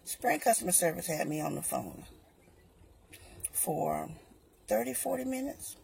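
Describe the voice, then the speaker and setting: A woman on her own vlog telling a customer service story in an animated way, acting out both sides of each exchange. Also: lowish voice, a little slow, vocal fry, a little hiss or hum. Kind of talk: storytime vlog, recounting an argument.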